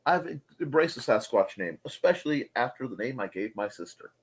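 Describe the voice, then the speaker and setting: A man's voice: medium pitch, expressive, brisk, husky. A man hosting a casual livestream chat from home, playful and chatty as he reads comments. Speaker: host. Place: home room.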